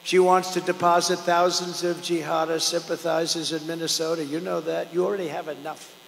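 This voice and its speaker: An older man giving a campaign rally speech, rambling and repetitive, swinging between loud declarations and low asides. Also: flat delivery, fairly quick, vocal fry, slight background noise. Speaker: political candidate at a rally. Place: large outdoor or arena rally. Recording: echoey hall with long reverb.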